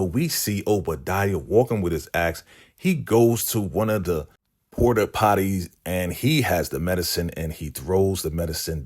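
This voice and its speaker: A man casually recapping a TV episode and quickly putting on the voices of the characters he quotes. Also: deep voice, a little mellow, slightly rough. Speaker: recap channel host. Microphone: podcast microphone.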